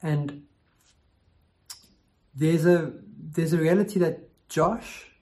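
A man's voice: a little high, slow pace, warm tone. Earnest man preaching a sermon. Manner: earnest, emphatic, repeats phrases for stress.

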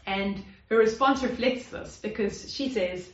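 A woman's voice: on the high side, unhurried, few pauses. A woman preaching a sermon in an earnest, conversational way, with fillers and restarts. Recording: roomy, slightly dull sound.

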